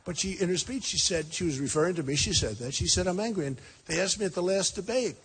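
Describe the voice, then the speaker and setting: A man in his sixties giving a rambling, emphatic campaign rally speech in a packed high school gym, repeating his points and talking straight to the crowd. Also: expressive, fast talker, fairly bright tone, slight background noise. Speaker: political candidate.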